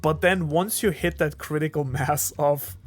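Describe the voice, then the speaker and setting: A man on a podcast talks in a voice pitched a little high. He lays out his thoughts carefully and weighs each point as he goes. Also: fairly even intonation, faint music behind. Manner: thoughtful, measured explaining. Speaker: podcast co-host. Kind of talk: casual chat.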